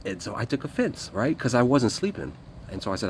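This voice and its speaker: Against background noise, a guest with a medium-pitched, sing-song voice tells a story about his days in the military. He speaks briskly and rambles casually, blunt and profane, with plenty of fillers.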